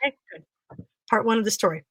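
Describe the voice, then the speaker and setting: A woman co-hosting a talk show, telling a funny story in a casual, animated way and acting out what others said. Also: medium pitch, fairly quick, no room sound. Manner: animated, frequent laughter, acts out quotes. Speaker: podcast co-host.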